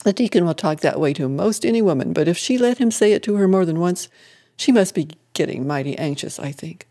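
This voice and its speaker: Brief: scornful gossiping sister, sure of herself, voiced by the reader, dark tone. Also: mid-range voice, expressive, fairly quick, natural voice.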